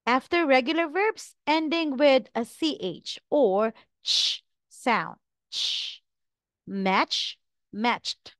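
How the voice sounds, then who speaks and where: A woman teaching English pronunciation, reading out verb pairs in a slow, deliberate drill with each word carefully enunciated. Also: high-pitched, fairly bright tone, no echo, clean studio sound.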